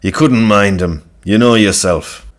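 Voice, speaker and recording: A man voicing a careless, gruff farm father who talks in an offhand way. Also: fairly low pitch, unhurried, lightly acted.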